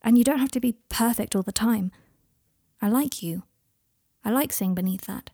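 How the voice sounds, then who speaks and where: Woman doing a gentle young man, hesitant, slightly gravelly voice, dry close recording. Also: on the high side, normal speed, no echo. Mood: reassuring. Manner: hesitant, reassuring. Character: earnest, gentle young man, reassuring client. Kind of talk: fan fiction reading.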